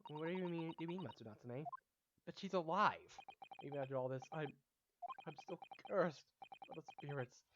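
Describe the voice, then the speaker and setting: A man's voice: on the high side, moderate pace, dull audio, background noise, natural voice. A man playing an anxious, gloomy young male scholar in a game read-through, with a fretful, stammering, melodramatic manner. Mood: panicked.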